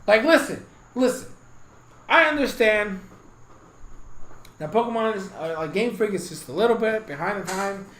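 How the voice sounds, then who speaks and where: A man's voice: high voice, lively intonation, normal speed, long pauses, fairly bright tone, reverberant, rough recording. A man giving a casual, rambling game review, swearing constantly and getting heated, with bursts of laughter.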